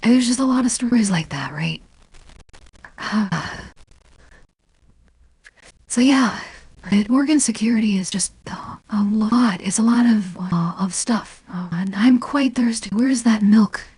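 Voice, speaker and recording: A woman with a somewhat high, mellow, very breathy voice rambles through a long story in casual stream chat, full of fillers, restarts and free swearing. She speaks at a moderate pace, and the recording is dry and close with no room sound.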